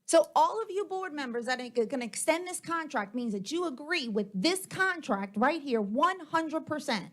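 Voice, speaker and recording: High-voiced heated woman at a board meeting. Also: animated, normal speed, hardly any pauses, fairly bright tone. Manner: heated, confrontational, repetitive. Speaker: school board member. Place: public board meeting room.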